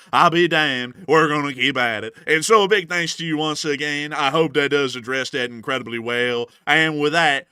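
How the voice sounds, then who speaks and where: A man's voice: a little high, bright, forceful tone, smooth, dry recording, clean studio sound. A young man co-hosting a live news stream, upbeat and chatty as he thanks supporters, laughing often. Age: young adult. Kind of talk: live-stream super chat thank-yous.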